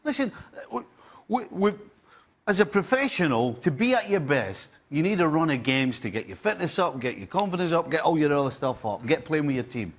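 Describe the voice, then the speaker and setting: A man's voice: on the high side, very animated, brisk. A Scottish man talking as a football pundit on a studio panel, driving his points home with repeated phrases.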